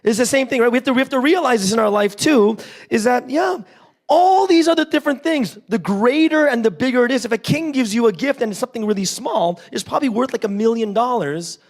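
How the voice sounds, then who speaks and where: A man with a high voice delivers an interactive sermon in a lively storytelling manner. He asks his listeners questions and acts out short bits of dialogue. Every point ends with a quick "right?". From Canada. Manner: animated storytelling, constantly checks in with "right?"; questions the congregation directly and acts out little voices. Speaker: preacher. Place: church service.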